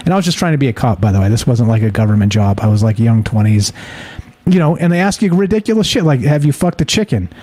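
A man's voice: medium pitch, sing-song, fast talker, dark tone. A man telling a story in casual talk-show chat, rambling and profane, full of restarts and fillers. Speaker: podcast co-host.

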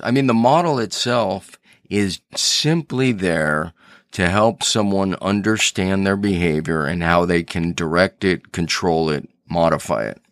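Podcast host, man, deep unhurried voice, earnest storyteller, close dry mic. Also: no room sound. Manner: earnest storyteller, thinking aloud with restarts. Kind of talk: reflective solo podcast talk.

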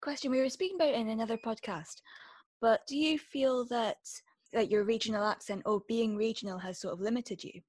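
Husky-voiced Scottish woman hosting. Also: on the high side, steady tone, fairly quick, darkish tone, no echo. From Scottish Highlands. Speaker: podcast host. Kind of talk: casual podcast chat.

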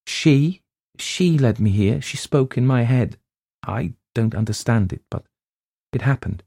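A man voicing a gentle young woman teacher who is shaken and earnest, speaking hesitantly. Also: medium pitch, lively intonation, measured pace, gravelly, breathy edge, no room sound, clean studio sound, voice pushed up, exaggerated voice. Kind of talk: storybook reading.

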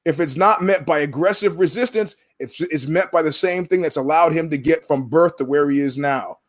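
A man's voice: fairly high pitch, moderate pace. A man hosting a podcast in casual commentary, emphatic and profane, repeating words for punch. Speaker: podcast host.

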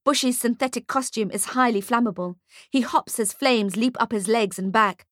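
A woman narrating an audiobook short story in a steady storytelling manner, close to the mic. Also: a little high, moderate pace, no echo. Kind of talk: scripted narration.

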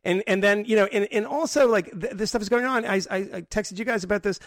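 A man's voice: high-pitched, fast, no room sound, studio quality. A man co-hosting a podcast in casual chat, rambling and restarting his sentences, often breaking into laughter. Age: adult with a daughter. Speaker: podcast co-host.

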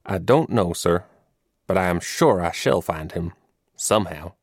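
A man's voice: sits low, lively intonation, unhurried, no echo, clean studio sound, exaggerated voice. A man voicing an earnest, eager young drummer boy in a storybook reading, raising his voice for the child. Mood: hopeful.

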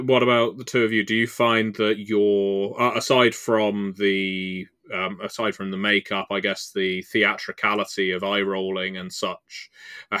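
A man co-hosting a podcast who talks in a measured, hesitant way in casual chat. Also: low-pitched, pushed and bright, no echo. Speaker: podcast co-host.

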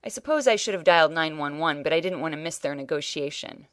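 A woman's voice: deep voice, animated, fast talker, dry recording. A woman reading a first-person short story aloud with dry, wry storytelling. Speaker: reader.

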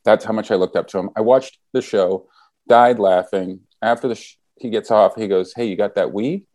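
A man's voice: lowish voice, fairly even intonation, normal speed, a little mellow, dry recording. A man casually telling a story, acting out the quoted lines as he goes.

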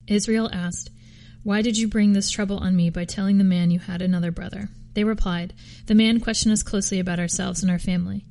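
A woman reading scripture aloud for a podcast, steady with occasional slips and restarts. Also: mid-range voice, a little fast. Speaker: podcast reader.

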